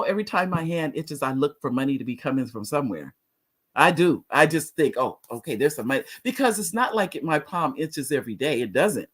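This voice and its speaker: Chatty woman host with a lively voice. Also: sits low. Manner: chatty, laughs often, restarts sentences. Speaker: talk show host. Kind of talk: casual live-stream chat reading viewer comments.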